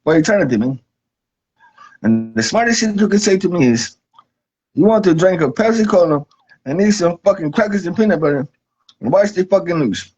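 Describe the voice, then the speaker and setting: A man's voice: high voice, darkish tone, slightly rough. A man voicing God as a laid-back regular guy who swears a lot and keeps saying "man". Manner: casual, profane, ends lines with "man". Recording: dull lo-fi recording.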